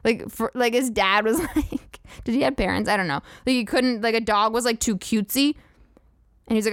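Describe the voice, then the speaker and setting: A woman podcast host rants in a profane, sarcastic and incredulous tone, swearing freely. Her voice sits fairly high, and the recording is dry and close, with little room sound. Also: moderate pace, no room sound. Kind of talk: comedic rant.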